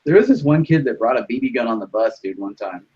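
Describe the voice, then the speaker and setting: A man's voice: mid-range voice, lively intonation, quick pace, darkish tone, slightly rough, muffled recording. A young man rambling through a story in casual chat, full of fillers and swearing.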